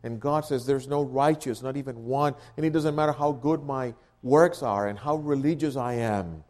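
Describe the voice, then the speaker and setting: A man preaching a sermon as pastor, explaining like a teacher and building to loud, emphatic stresses. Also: medium pitch, moderate pace.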